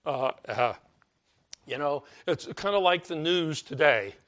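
An older man gives a loose, conversational sermon in a slightly raised pitch. He leans on repetition and slips into mock complaining voices as he makes his point. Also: animated, measured pace, a bit bright. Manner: conversational, repeats words for emphasis, mimics complaining voices. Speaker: preacher.

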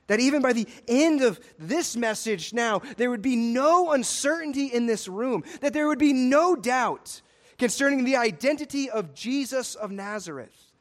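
High-voiced pastor preaching with urgent swings. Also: male voice. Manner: emphatic, swings between loud urgent peaks and low slow hushed lines. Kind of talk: sermon. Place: church sanctuary.

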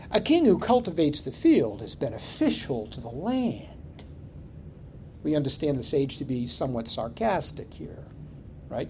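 Animated, mellow-voiced male pastor. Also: fairly high pitch, creaky, a little hiss or hum. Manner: expressive, rhetorical, asks questions of the congregation. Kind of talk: sermon.

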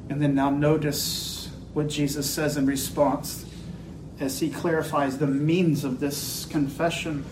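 Male pastor, slow and deliberate delivery, rising to forceful emphasis, reverberant sanctuary sound. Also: a little high, flat delivery, background noise. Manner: slow, building to emphatic declarations. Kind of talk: sermon.

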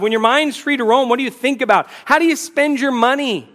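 A man's voice: high voice, fairly quick, few pauses, fairly bright tone. A man preaching a sermon to a congregation, emphatic, asking rhetorical questions and slipping in dry humor. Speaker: pastor.

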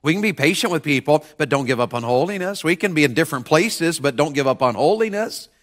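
A middle-aged man delivers a sermon in a high, bright and ringing voice. He preaches call-and-response style to the congregation. He swings from hushed asides to shouted climaxes. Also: lively intonation, quick pace. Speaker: pastor.

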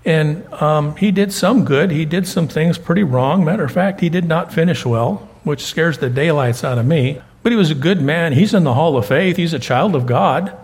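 Older guy pastor giving a sermon, raspy and gravelly, tells stories and stumbles over words. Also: a little high, normal speed, hardly any pauses. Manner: folksy storytelling, repeats words.

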